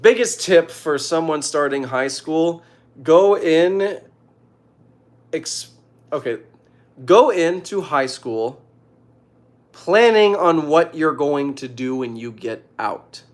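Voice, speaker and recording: A young man casually reading out viewer questions and giving joking, deadpan advice. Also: a little high, slow pace, pauses often. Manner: reads questions aloud, jokey deadpan answers. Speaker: streamer answering viewer questions.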